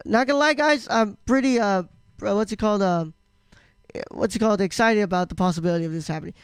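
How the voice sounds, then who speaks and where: A man's voice: high-pitched, fast talker, clean tone, dry recording. A man co-hosting a casual live-stream podcast, rambling with lots of fillers and restarts. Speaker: podcast co-host.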